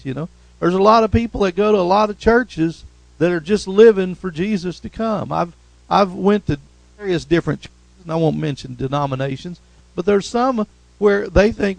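A man's voice: sits high, lively intonation, moderate pace, creaky, dry recording, low-quality recording. A man preaching a sermon as pastor, punctuating points with "amen?" and rising to emphatic repetitions. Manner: call-and-response preaching, repeated "amen?".

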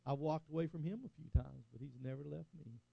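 A man's voice: a little high, a little fast, creaky, slightly rough, no room sound, dull audio. An older man preaching a sermon as a pastor, rising and falling for emphasis and calling out "Amen?" to the congregation.

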